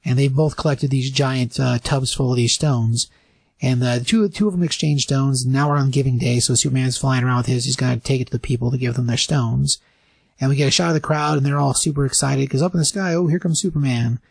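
A man co-hosting a casual podcast, recapping a comic story in a rambling way and briefly acting out lines in higher voices. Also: a little fast, vocal fry, slightly rough, no room sound. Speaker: podcast co-host reviewing comics.

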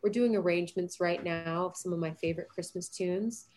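She speaks a little fast in a lowish voice: an actress in her thirties guesting on a casual interview. Her storytelling is animated and full of laughter.

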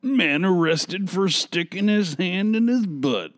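Slow-talking laid-back podcast man. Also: sits high, animated. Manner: laid-back, short replies, reads headlines aloud. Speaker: podcast co-host. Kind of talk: casual chat.

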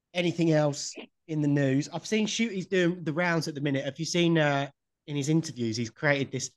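A man hosts a podcast with a slightly raised voice. He talks in a blunt, chatty way and swears freely. The delivery is loose and conversational. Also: on the high side. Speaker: podcast host. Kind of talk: casual podcast chat.

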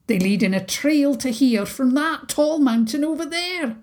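A woman's voice: high-pitched, expressive, unhurried, darkish tone, pitched above the performer's own voice. A woman voicing a scruffy, dramatic male haggis creature with a thick Scottish accent, in a children's storybook podcast. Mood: explaining. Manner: theatrical, sighing.

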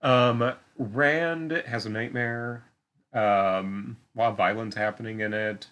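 A man's voice: fairly low pitch, fairly even intonation, slow, a bit bright. A man co-hosting a podcast, talking through a TV episode in a casual, hesitant way. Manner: hesitant, many fillers and restarts, laughs easily. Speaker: podcast co-host. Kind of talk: casual chat recapping a TV episode.

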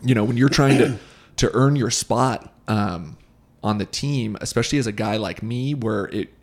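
A young man, a former football player, hosting a casual podcast chat in an easygoing, relaxed way. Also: fairly low pitch, moderate pace. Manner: easygoing, relaxed storytelling with fillers.

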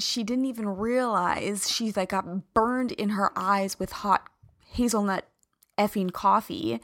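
A woman podcast host tells a personal story in a candid, emphatic and confessional way. Her voice is medium-pitched with a sharp tone, captured in a dry recording with clean studio sound.

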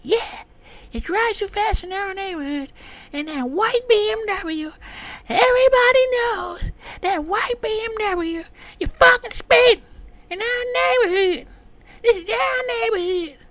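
A vlogger voicing an angry woman neighbor who scolds in a high, shrieking voice. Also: measured pace, a bit bright, no echo, heavily acted. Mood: angry scolding.

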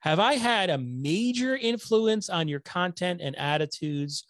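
Hoarse middle-aged man rambling on a livestream. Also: on the high side, big pitch swings, moderate pace, hardly any pauses, no room sound, studio quality. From Connecticut. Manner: rambling, self-deprecating, joking. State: hoarse, losing his voice. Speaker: host of a nonprofit news livestream. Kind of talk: casual livestream chat. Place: home room lit with LED lights. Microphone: desktop microphone.

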